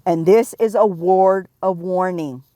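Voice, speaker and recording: A middle-aged woman giving a prophetic warning, stern and emphatic, pressing her points with slow repetition. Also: fairly low pitch, dark tone, no echo, clean studio sound. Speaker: self-described prophet.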